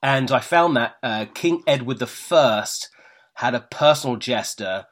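A man's voice: medium pitch, animated, unhurried. A man hosting an interview, chatting casually and rambling with many fillers. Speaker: interviewer host.

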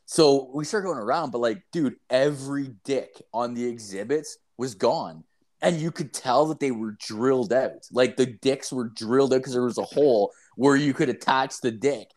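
A man's voice: medium pitch, normal speed. Profane, rambling man telling a story. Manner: rambling, heavy profanity, constant "like" and "dude"; animated, acts out quoted lines. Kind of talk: casual storytelling chat.

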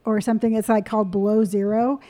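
A woman's voice: mid-range voice, level tone, dark tone. A woman co-hosting a podcast, chatting casually and teasing her friends. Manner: playful, teasing, quick bursts. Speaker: podcast co-host.

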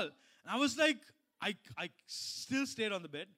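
A middle-aged man preaches in a loose, conversational way, stopping and restarting as he tells a personal story. His voice sits high and sounds bright and forward. He talks to the congregation as if they are friends. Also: animated, moderate pace. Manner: conversational, many restarts and asides. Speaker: pastor.

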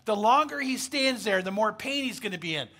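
A man's voice: sits high, expressive, fairly quick, sharp tone. A man preaching a sermon, telling a story in an emphatic, conversational way with frequent fillers. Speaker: pastor.

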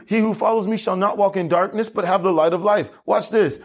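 Male pastor, lively sermon delivery, slightly raised pitch, husky texture. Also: a little fast. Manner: animated preaching with congregation call-and-response.

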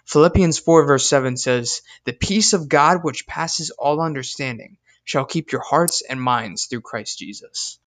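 A young man giving a scripted devotional talk, earnest and emphatic, reading scripture verses deliberately. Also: fairly high pitch, a bit bright. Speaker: speaker in a devotional video.

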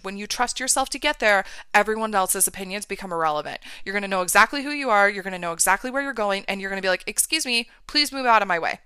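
Woman coach hyping up her listeners, smooth clear voice, dead dry sound, lots of "right?". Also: fairly high pitch, pushed and bright, no room sound. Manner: emphatic, keeps checking in with "right?" and "okay". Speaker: mindset and business coach for women. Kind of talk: motivational talk to listeners.

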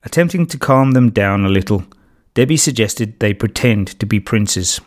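A man narrating a children's storybook in a steady, measured reading voice. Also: on the low side. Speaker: audiobook narrator.

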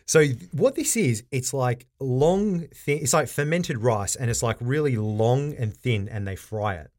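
In a relaxed podcast conversation, this man, one of the co-hosts, takes his time with a mid-range voice. He gets animated, frequently laughing while performing quotes.

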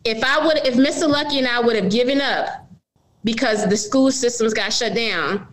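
A woman's voice: fairly high pitch, moderate pace, poor audio. Earnest woman telling her business story. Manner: earnest, addresses listeners as y'all. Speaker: business owner, guest. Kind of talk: candid interview storytelling.

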